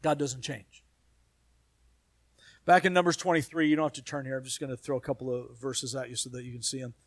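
A man preaching a sermon as pastor, building emphasis through repeated phrases and dropping to quiet asides. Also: medium pitch, steady tone, brisk, no echo.

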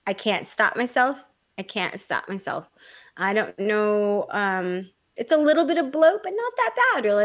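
Woman, casual chat, dramatic, animated storyteller, blunt, swears freely. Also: mid-range voice, moderate pace.

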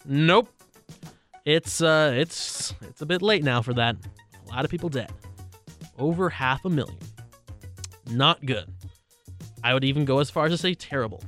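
A man's voice: a little high, lively intonation, normal speed, long pauses, fairly bright tone, soft background music. A man hosting his own talk show, giving casual, opinionated commentary with lots of asides. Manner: conversational and opinionated, with frequent asides and restarts. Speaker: radio-style show host.

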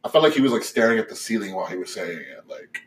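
A young man chats on his podcast in a loose, storytelling way. He rambles, swears freely, and gets animated at the strange parts, with plenty of fillers along the way. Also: on the low side, very fast, slight background noise. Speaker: podcast host. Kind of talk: casual storytelling chat.

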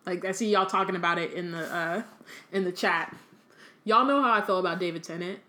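A young woman co-hosting a podcast, reading aloud and then chatting casually, full of "like" and quick restarts. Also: on the low side, sharp tone. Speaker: podcast co-host.

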